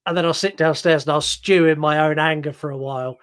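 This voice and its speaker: A man with a slightly raised voice co-hosts a casual film podcast. He is animated and pokes fun at himself, and he keeps tripping over his words, repeating them before he gets going. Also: a little high, a little fast, smooth. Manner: stumbling, repeating words at the start of sentences; self-mocking and animated. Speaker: podcast co-host. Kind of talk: casual film review chat.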